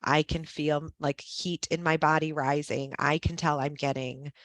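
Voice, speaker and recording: This woman talks in a low voice, leaning on checks like "right?" and fillers, and she slips into little acted-out quotes. The sound is dry and close, with no room behind her, as on a video call. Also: steady tone, measured pace, dry recording. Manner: conversational, frequent "um" and "right?", acts out quotes. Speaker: guest speaker on school leadership. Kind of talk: informal presentation.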